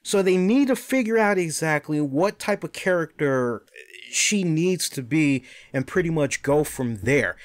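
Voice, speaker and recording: Male host with a high voice who reviews wrestling in an emphatic, animated way. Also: measured pace.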